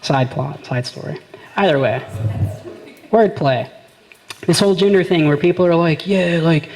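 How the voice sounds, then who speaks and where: A man's voice: fairly high pitch, moderate pace, pauses often, a little mellow, rough recording. A man performing a stand-up comedy set, telling stories with quoted back-and-forth exchanges. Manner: conversational storytelling with quoted exchanges. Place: small live venue.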